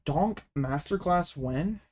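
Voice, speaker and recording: A young man with a fairly high voice takes his time commenting on a card game for his YouTube channel. He's excitable and casual, piling on dramatic mock complaints.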